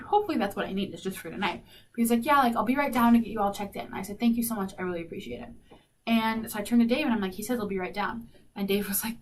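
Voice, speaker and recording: Animated young woman telling a story. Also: on the high side, fairly quick. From South Dakota. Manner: animated, lots of "like", acts out quoted dialogue. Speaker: radio show host. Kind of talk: casual storytelling. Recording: faint noise, slightly distant mic.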